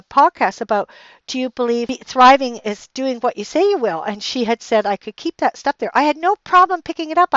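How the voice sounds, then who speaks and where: Her fairly high, fairly bright voice comes through a dull, lo-fi, dry recording with no echo. A middle-aged podcast host, she tells a personal story in a rambling way with many fillers and restarts, becoming heated and emphatic when she retells her anger.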